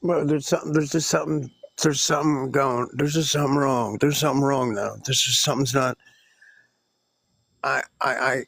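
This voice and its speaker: A man with a husky, slightly raspy voice calls into a live stream and pours out his story. He stammers and restarts constantly, and swears often in an agitated, rambling flow. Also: mid-range voice, fairly even intonation, moderate pace, fairly bright tone, dry recording.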